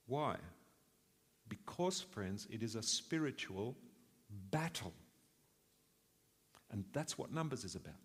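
A man's voice: medium pitch, lively intonation, slow, long pauses, a bit bright, breathy edge, big-room sound. A man preaching a sermon in an earnest way, asking rhetorical questions and swelling for emphasis.

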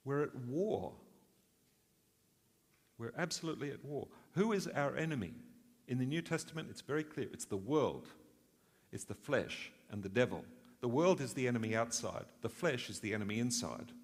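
A man's voice: mid-range voice, animated, moderate pace, in a large hall. A man preaching a sermon in an earnest way, asking rhetorical questions and swelling for emphasis.

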